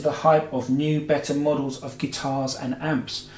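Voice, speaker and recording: Casual male host, mid pitch, meandering and chatty, recorded in an echoey room. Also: little pitch movement, a little slow, few pauses, a little mellow. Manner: rambling, heavy with filler "you know"s and self-corrections. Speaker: guitar show host. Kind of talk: casual Q&A chat. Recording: roomy echo with faint music.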